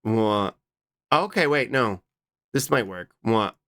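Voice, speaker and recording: Lively, bright-voiced man streaming live. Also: fairly low pitch. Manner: chatty, answers chat with quick repeated "what?". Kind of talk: casual live-stream chat.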